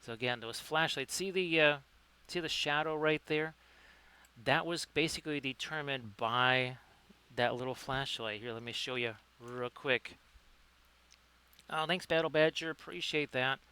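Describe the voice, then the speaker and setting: A man's voice: medium pitch, measured pace, pushed and bright, clear, resonant tone. A man hosting a live-streamed miniature painting lesson. He talks in a chatty, upbeat way, greets viewers by name and corrects himself as he goes. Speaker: livestream host, painting tutor.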